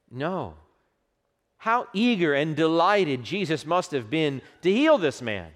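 A man preaching a sermon with passion, dropping to a hush for quoted words and rising for emphasis. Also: on the high side, sing-song, unhurried. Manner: impassioned preaching, hushed quotes, swelling emphasis. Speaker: pastor. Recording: long hall reverb.

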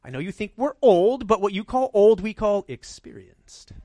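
A man's voice: high voice, lively intonation, normal speed, mellow, no echo. A middle-aged male pastor preaching a sermon in a conversational way, often checking in with "right?".

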